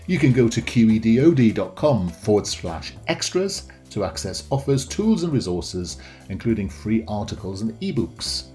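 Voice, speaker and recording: A man hosting a podcast, talking in a measured, reflective way with frequent fillers as he introduces and questions a guest. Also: fairly low pitch, very animated, mellow, faint music behind. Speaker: podcast host. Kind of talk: conversational interview.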